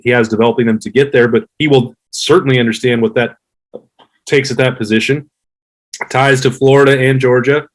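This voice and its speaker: A man in his thirties, a guest on a sports podcast, giving measured, analytical views in casual chat. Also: mid-range voice, low-quality recording. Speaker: podcast guest, former player.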